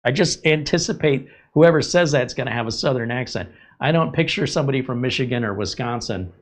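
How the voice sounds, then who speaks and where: A man hosting a tech show, telling a rambling casual story from the US West Coast, chatty and sometimes loud and incredulous. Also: medium pitch, expressive, brisk, few pauses. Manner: chatty, gets loud and incredulous when joking. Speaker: tech channel host.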